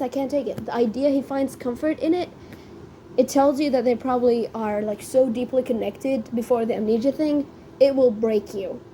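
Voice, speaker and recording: A woman talking casually as a podcast reviewer, gushing and excitable, rambling through her reactions like an eager fan. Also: on the high side, a little hiss or hum.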